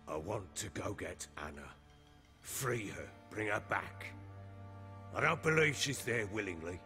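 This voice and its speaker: A man's voice: fairly low pitch, expressive, measured pace, pushed and bright. An actor playing a boastful middle-aged warlord baron in a video game, blustery and coarse as he tells his stories. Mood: gruff. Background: game music.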